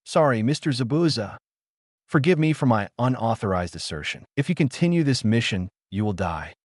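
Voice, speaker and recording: A man voicing a gentle, devoted young male ninja who pleads softly and apologetically. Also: mid-range voice, lively intonation, moderate pace, no room sound, studio quality, lightly acted. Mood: pleading.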